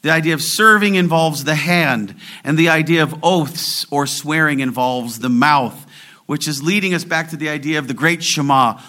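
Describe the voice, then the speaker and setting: A man preaching a sermon as pastor, dropping to soft, low asides and rising to slow, emphatic declarations, reading scripture slowly and deliberately.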